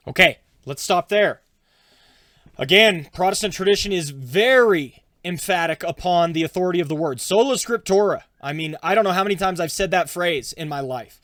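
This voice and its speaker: A man's voice: high voice, moderate pace, fairly bright tone, no echo, clean studio sound. A man, a pastor, commenting on a reading in a conversational teaching style. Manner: conversational, explaining with fillers.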